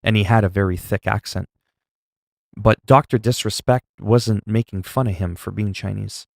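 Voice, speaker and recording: A man's voice: on the low side, steady tone, normal speed, gravelly, no room sound, clean studio sound. A man livestreaming and chatting casually while gaming, opinionated and rambling, swearing freely.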